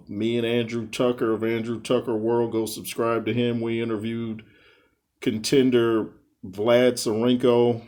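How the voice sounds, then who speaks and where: A man's voice: mid-range voice, darkish tone. A man hosting a boxing commentary vlog, talking in a laid-back, rambling way and chuckling often. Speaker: boxing commentary channel host.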